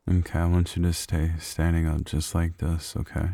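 A man performing an intimate audio role-play in a low, close, murmured delivery, speaking near the microphone. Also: flat delivery, moderate pace, gravelly, mellow, dry recording. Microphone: close microphone, speaking near the ear.

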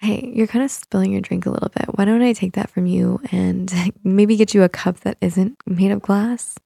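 In an audio role-play, a woman voices a teasing, controlling young woman who coaxes the listener with soft laughs. Her mid-range voice has gravelly fry and a dark, mellow tone, with fairly even intonation at normal speed. The recording is close and dry with no room sound.

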